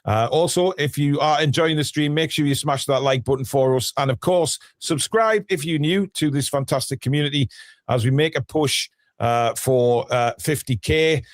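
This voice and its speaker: A man hosts a live charity stream, reading out super chats and urging viewers on in a chatty, upbeat way. His voice sits a little high. The sound is close and dry. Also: normal speed, no echo. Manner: chatty, rallying viewers for donations. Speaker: host.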